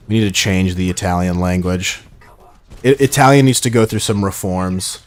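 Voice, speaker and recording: A man's voice: fairly low pitch, a little mellow. A man streaming a shooter game live, chatting casually in a rambling, playful way and reading viewer messages aloud. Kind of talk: casual live gameplay chat.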